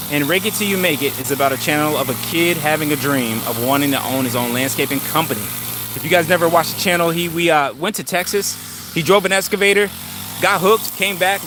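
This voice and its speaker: A middle-aged man with a somewhat high voice hosts a casual live stream from his yard, holding the phone himself. He rambles easily, with plenty of fillers, and greets viewers one by one. Passing cars and engines rumble clearly behind him. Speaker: channel host. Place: outdoors in a yard. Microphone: handheld phone. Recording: outdoor traffic and engine noise.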